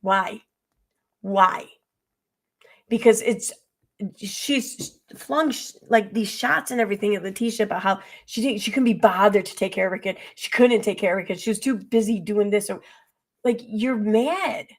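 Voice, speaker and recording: A woman talking through a reaction stream with a gravelly, fry-laced voice. She is blunt and sarcastic, swears freely and rambles from one point to the next as she picks apart what she has watched. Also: mid-range voice, normal speed. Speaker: commentary streamer. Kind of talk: casual reaction commentary.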